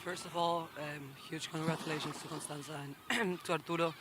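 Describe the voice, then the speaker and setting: A woman from the Canary Islands, a competing athlete, gives an emotional post-heat interview at a beach contest, halting and apologetic, close to tears and laughing through her nerves. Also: low voice, fairly even intonation, fairly bright tone, slight background noise.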